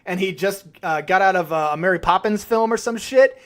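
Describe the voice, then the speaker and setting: A man co-hosting a podcast, chatting casually, animated and quick to swear as he acts out reactions. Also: high voice. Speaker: podcast co-host. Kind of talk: casual chat.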